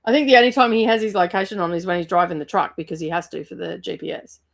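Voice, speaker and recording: A woman's voice: fairly low pitch, fairly even intonation, racing, vocal fry. An Australian woman co-hosting a livestream, chatting casually with lots of fillers and the odd swear word. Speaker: co-host of a livestream. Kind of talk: casual chat.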